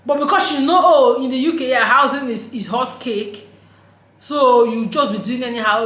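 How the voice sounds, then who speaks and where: A woman with a Nigerian accent, talking straight to camera in an emphatic, laughing vlog voice that drops into pidgin phrases. Her voice sits high, and the recording carries a roomy echo. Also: moderate pace, fairly bright tone. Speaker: vlogger. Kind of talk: casual opinion monologue.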